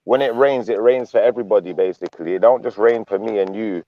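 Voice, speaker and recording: Man, low voice, joking panel host, muffled dry mic. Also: quick pace, no room sound. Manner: chatty and joking, drifts into Bible talk. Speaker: host of a live panel stream. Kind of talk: casual panel chat.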